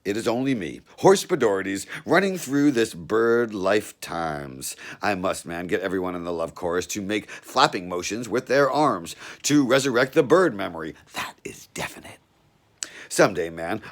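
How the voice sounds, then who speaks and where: A man's voice: deep voice, a bit bright. A man reading a novel aloud in a laid-back first-person drawl, tacking 'man' onto his phrases. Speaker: reader.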